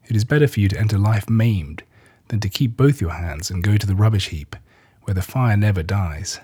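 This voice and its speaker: A lowish, husky male voice reads scripture at a measured pace. He lifts the quoted lines with a gentle touch of drama and keeps the narration calm and steady. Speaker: scripture reader.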